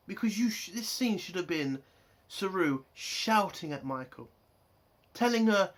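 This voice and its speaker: A reviewer vents about a show in an angry, profane rant. The voice sits at a middling pitch, and the exasperation keeps building as the swearing piles up. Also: lively intonation, moderate pace, a bit bright. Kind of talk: ranting vlog review.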